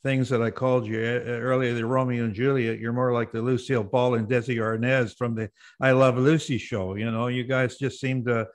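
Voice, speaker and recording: Male host, casual interview, halting delivery with fillers. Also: medium pitch, level tone. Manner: halting, many fillers and restarts.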